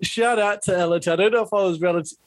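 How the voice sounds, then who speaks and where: Man, young adult, high voice, laughing banter, casual chat. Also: fast. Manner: laughs often, chimes in with banter.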